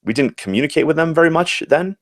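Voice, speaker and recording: A man's voice: fairly high pitch, expressive, fast talker, no echo, studio quality. An American man in his forties, a former Olympic athlete, telling earnest and reflective stories in an interview, often restarting his sentences. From United States. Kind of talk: anecdotal interview storytelling.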